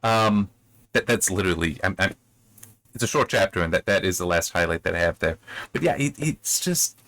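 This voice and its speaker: A man with a low-pitched voice talks through his opinions on a book chapter in a loose, rambling way. He restarts his sentences often and his pitch jumps up sharply when something annoys him. The sound is dry and close, with no room echo. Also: moderate pace. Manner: rambling, many restarts, animated swings in pitch. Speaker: book reviewer. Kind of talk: casual spoken critique.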